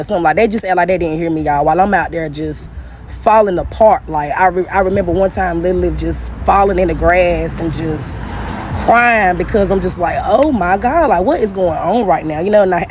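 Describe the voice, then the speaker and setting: A woman's voice: lowish voice, a little hiss or hum. Young woman telling her own story, addressing viewers casually. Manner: animated and conversational, often addressing listeners as "y'all", many "like" fillers. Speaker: storyteller sharing a personal story.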